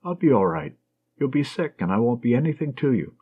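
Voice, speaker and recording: A man reading an audiobook, voicing a wounded young American soldier in love with plain, earnest, short replies in a husky voice, on a dull lo-fi recording. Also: medium pitch, big pitch swings, fairly quick.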